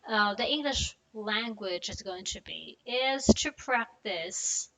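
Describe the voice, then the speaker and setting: A young woman teaching a pronunciation lesson, drilling phrases and tongue twisters slowly with many "okay"s. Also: mid-range voice, expressive, creaky, fairly bright tone, poor audio. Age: young adult. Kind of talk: online lesson.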